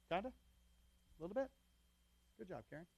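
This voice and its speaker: A man's voice: sits high, animated, slow pace, vocal fry, breathy edge. A man preaching as pastor, reading scripture aloud and chatting with his congregation between passages. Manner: conversational, checks in with the congregation.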